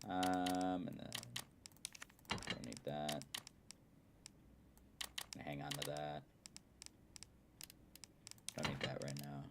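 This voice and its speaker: A man's voice: very deep voice, extremely slow, long pauses. A man giving casual, chatty game commentary, explaining his strategy with playful asides. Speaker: gaming streamer. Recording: steady background noise.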